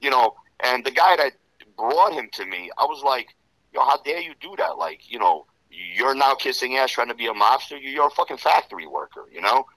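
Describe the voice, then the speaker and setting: A man telling rough stories in a casual interview, profane and rambling, full of "you know". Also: medium pitch, sing-song, moderate pace, bright, forceful tone, dry recording, rough recording. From Serbian Romanian background. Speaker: interview guest.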